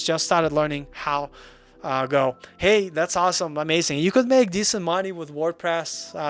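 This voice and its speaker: A man's voice: on the high side, fairly bright tone, clear, resonant tone. Rambling self-deprecating man in his forties. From Russia. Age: 40s. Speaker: livestream host. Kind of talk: casual live-stream chat.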